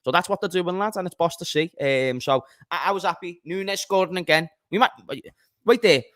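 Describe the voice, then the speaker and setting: A man's voice: high-pitched, brisk, a bit bright, dry recording, studio quality. A man from Liverpool with a London accent, a panelist chatting about football in a laid-back, jokey way. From Liverpool, England. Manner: laid-back, jokey banter with local slang. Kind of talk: casual football chat.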